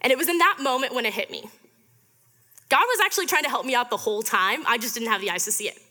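A woman's voice: a little high, lively intonation, quick pace, bright, forceful tone. A young woman in her twenties giving a chatty, upbeat storytelling sermon to a student fellowship, with lots of fillers. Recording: reverberant hall.

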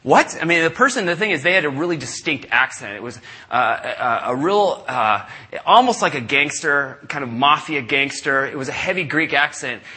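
A middle-aged man preaching, telling a story with lively asides and acting out the people in it. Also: fairly high pitch, moderate pace, breathy edge. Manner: animated, acts out callers in raised voices. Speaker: pastor. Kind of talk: sermon storytelling. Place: church service.

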